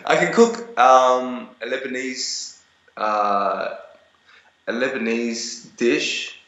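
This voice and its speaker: A man's voice: mid-range voice, extremely slow, fairly bright tone, reverberant, lo-fi sound. A young man being interviewed over a video call, telling stories in a rambling way with many restarts and fillers.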